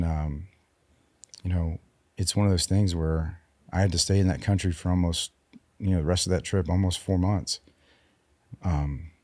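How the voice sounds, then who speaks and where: This deep, mellow voice belongs to a man in his forties, a former serviceman who's a guest on a podcast. Recorded dry, he recounts his own story in a quiet, faltering manner, frequently starting over.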